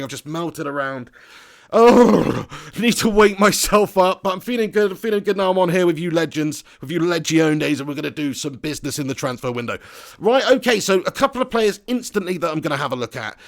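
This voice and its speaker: A man's voice: a little high, vocal fry. A man with a Southern English accent streaming a football game, chatting and joking with his viewers. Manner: chatty, jokey banter with viewers. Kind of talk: live stream commentary and chat shout-outs.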